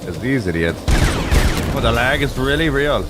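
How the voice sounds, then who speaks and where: A man's voice: medium pitch, sing-song, fairly quick, very noisy. A man swearing and reacting sarcastically while commenting on the shooter game he is playing. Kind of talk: casual gameplay commentary. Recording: loud game music under voice.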